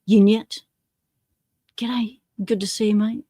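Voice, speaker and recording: A woman's voice: medium pitch, level tone, slow pace, warm tone, no room sound, clean studio sound. An Australian woman hosting a casual livestream, chatty and self-deprecating, greeting viewers one by one by name. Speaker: livestream host.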